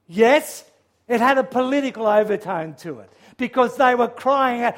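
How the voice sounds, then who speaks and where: A man preaching a sermon, earnest and measured, with frequent restarts, who raises his voice when he quotes a psalm's cries. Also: very high-pitched, expressive, a bit bright. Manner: quotes scripture in a raised, crying-out voice.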